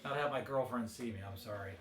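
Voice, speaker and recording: A man's voice: medium pitch, fast. Male player, stammering and flustered, roomy echo. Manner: flustered, stammering in character excuses. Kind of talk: tabletop game chat. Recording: echoey room.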